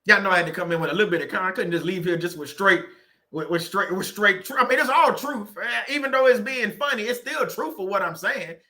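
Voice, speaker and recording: Louisiana guy with a high voice, cracking jokes and preaching about life, laughs a lot. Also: lively intonation, fast, sharp tone. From Southern Louisiana. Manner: joking, preachy, laughs often. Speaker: channel host. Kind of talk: casual motivational talk. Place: room at home.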